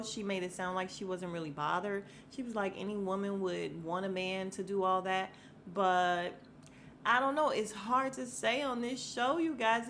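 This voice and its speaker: A woman's voice: mid-range voice, a bit bright, a little hiss or hum. A woman hosting a casual podcast, recapping a reality show with candid, sassy commentary and frequent laughs. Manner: candid, sassy, laughs often, quotes people in voices. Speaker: podcast host.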